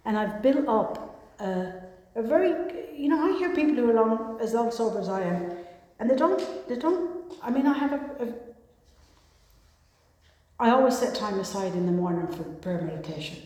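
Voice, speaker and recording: A woman's voice: fairly high pitch, lively intonation, normal speed, mellow. Woman speaker in an echoey hall. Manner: rambling, self-mocking, with many restarts. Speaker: recovery meeting speaker. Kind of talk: personal talk to an audience.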